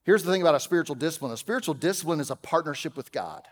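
A man preaching a sermon as pastor, conversational, with humorous asides, swinging from loud emphasis to quiet. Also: fairly high pitch, animated, very fast, in a large hall. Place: church auditorium.

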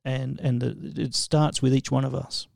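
A man's voice: medium pitch, flat delivery, moderate pace, vocal fry, darkish tone, no room sound, studio quality. A man co-hosting a podcast in casual chat, mostly adding short agreeing remarks. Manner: brief agreeing interjections.

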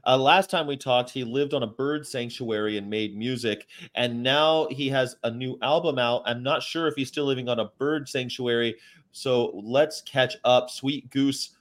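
A man's voice: medium pitch, moderate pace. Joking middle-aged man co-hosting a stream. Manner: joking, animated storyteller. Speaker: co-host. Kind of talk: casual livestream chat.

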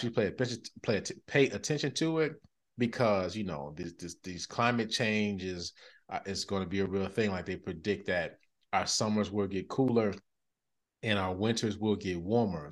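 Low-pitched dude in his thirties, podcast chat, acts out his stories, laughs a lot. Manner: animated storyteller, laughs often, acts out quotes. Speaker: podcast co-host. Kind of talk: casual chat.

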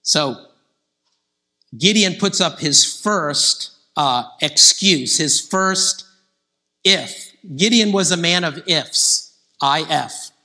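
A man preaching a conversational sermon, growing animated when he quotes scripture figures. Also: fairly high pitch, very slow.

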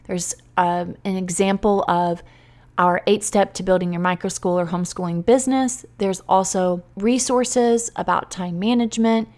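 A woman hosting a podcast, talking earnestly and emotionally straight to her listeners in a heartfelt, faith-based way. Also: medium pitch. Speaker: podcast host and teacher coach.

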